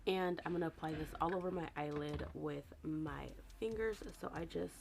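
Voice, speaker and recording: Woman with a raspy morning voice. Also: low-pitched, normal speed. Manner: chatty, rambling, self-correcting. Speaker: beauty vlogger. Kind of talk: casual makeup tutorial.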